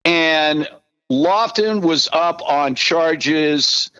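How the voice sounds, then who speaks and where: A man in his sixties, a podcast guest, telling animated, profane anecdotes in casual talk. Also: fairly high pitch, very slow, clear, resonant tone, dry recording, muffled recording. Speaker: podcast guest, former team spokesman.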